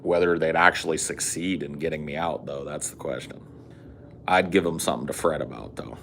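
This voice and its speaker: A man's voice: very deep voice, brisk, fairly bright tone, slight background noise. A man hosting a casual streamed podcast chat, talking bluntly and swearing a lot. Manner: profane, blunt, opinionated. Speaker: podcast host.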